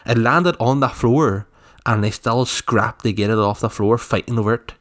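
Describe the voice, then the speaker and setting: A man's voice: medium pitch, normal speed, a bit bright. Male podcast co-host, mid-range voice, jokey storyteller who laughs a lot. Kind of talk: casual chat.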